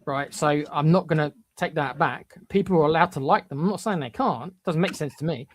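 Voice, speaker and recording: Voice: mid-range voice, a little fast. Blunt, opinionated wrestling podcast co-host. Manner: blunt, emphatic, stutters into repeated restarts.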